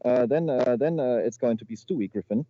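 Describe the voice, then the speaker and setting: Guy winging a goofy slideshow on a video call, keeps repeating words, mellow voice, dull lo-fi mic w/ a bit of hiss. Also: medium pitch. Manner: halting, repeats words, stumbles and restarts. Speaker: improv presenter. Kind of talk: improvised comedy slide presentation. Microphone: video call microphone. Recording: muffled lo-fi call audio with faint noise.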